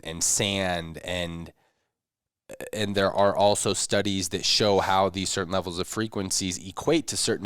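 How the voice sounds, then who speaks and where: A man co-hosting a podcast in casual chat, laughing easily and getting animated when telling stories. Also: low-pitched, smooth, dry recording, clean studio sound. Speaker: podcast co-host.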